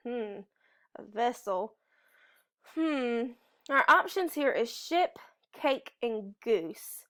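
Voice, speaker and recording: A woman teacher talks a class through a reading lesson, thinking aloud and trying each answer in the sentence. Her voice sits a little high. She reads slowly and carefully, with musing pauses. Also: lively intonation, a bit bright.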